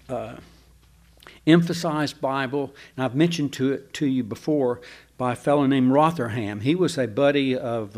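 A man's voice: mid-range voice, darkish tone. A man preaching a sermon, reading scripture aloud and stopping for casual asides. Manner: reads scripture aloud, breaking off for conversational asides.

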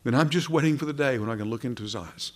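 A man preaching a sermon with passion, his voice swelling and then falling to near a hush. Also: mid-range voice, rapid-fire. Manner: impassioned, rising and dropping to soft.

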